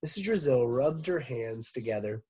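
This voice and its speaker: A man, a teacher, reading a children's book aloud with expressive narration. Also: mid-range voice, moderate pace, slightly rough. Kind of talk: storybook read-aloud.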